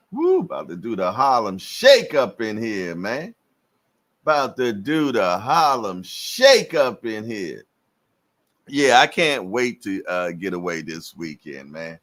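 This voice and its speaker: Laid-back low-voiced man, slow drawl. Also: fairly bright tone. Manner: laid-back slang, repeats "man" and "yes, indeed"; laughs often between lines. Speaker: live stream host. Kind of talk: casual chat with live chat viewers.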